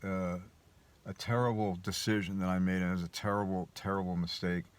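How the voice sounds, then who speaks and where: A man's voice: sits low, little pitch movement, fairly quick, clean tone. A man telling a personal story in a casual monologue, rambling and hesitant with many restarts. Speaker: vlogger.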